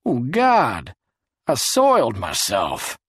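A man's voice: medium pitch, wildly swooping pitch, takes it slowly, a bit bright, breathy edge, no room sound, studio quality, pitched above the performer's own voice, exaggerated voice. A man reading an audiobook, voicing a crude, sour man who mutters thickly. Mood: dazed. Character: sick, crude, grumbling man.

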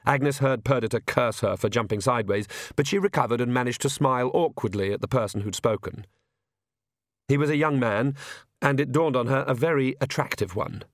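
A man reading a story aloud in even, wry narration. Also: medium pitch, brisk, dry recording, studio quality. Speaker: audiobook narrator. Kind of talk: scripted narration.

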